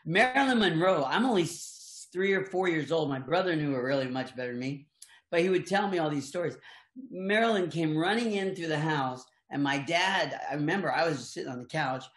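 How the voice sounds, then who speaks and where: A man's voice: a little high, expressive, a little fast, a bit bright. An older man, a voice actor, telling rambling, chuckling anecdotes in casual chat with many restarts. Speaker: voice actor guest. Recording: echoey room.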